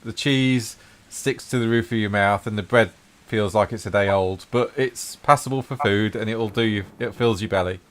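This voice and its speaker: A man's voice: fairly low pitch, normal speed, a bit bright. Man narrating as game master. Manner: descriptive, easygoing narration with fillers.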